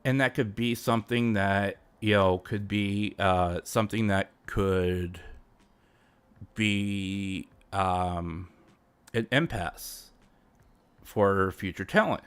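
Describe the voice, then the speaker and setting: A man's voice: lowish voice, slow, smooth. A man streaming live commentary, stammering and repeating words as he talks. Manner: drops to a whisper for acted bits.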